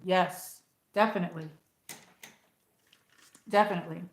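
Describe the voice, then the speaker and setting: A woman's voice: fairly low pitch, fairly even intonation, moderate pace, fairly bright tone. A middle-aged American woman chatting casually on her livestream, rambling and reading viewer comments aloud. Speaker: livestream host. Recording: echoey room.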